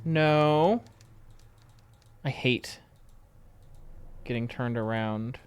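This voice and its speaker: A man's voice: mid-range voice, extremely slow, clean tone, soft background music. A man streaming a game, keeping up a dry running commentary and talking back to the game. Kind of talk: casual live-stream gameplay chat.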